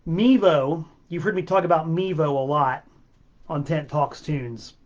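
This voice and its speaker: A man's voice: a little high, measured pace, muffled recording. A man hosting his own music livestream from a home studio, ranting with exasperated, sarcastic swearing. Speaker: host of a music livestream show. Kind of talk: livestream rant. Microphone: webcam mic.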